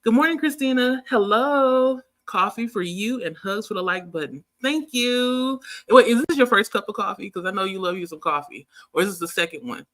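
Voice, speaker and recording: A woman's voice: medium pitch, expressive, moderate pace, few pauses, fairly bright tone. A woman hosting a casual livestream, chatting to viewers and reading their comments aloud, laughing often as she talks. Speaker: livestream host.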